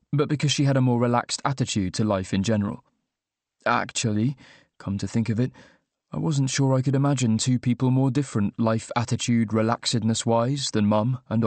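A man's voice: medium pitch, dry recording. Young male audiobook narrator, wry, dry close mic. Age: young adult. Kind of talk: first-person audiobook narration.

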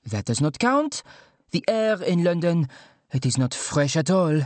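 A man's voice: a little high, big pitch swings, no echo, voice pushed up. A man voicing a middle-aged mother in an audiobook, lilting and dismissive as she nags her son. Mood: scolding. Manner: brisk, dismissive, motherly nagging. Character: fussy French mother, middle-aged, scolding. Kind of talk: audiobook character voice.

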